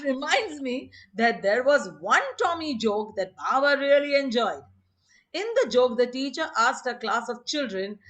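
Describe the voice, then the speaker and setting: A woman's voice: on the high side, lively intonation, unhurried, a bit bright. A woman reading anecdotes aloud on a video call, laughing often and acting out the quotes. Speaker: storyteller on a group video call.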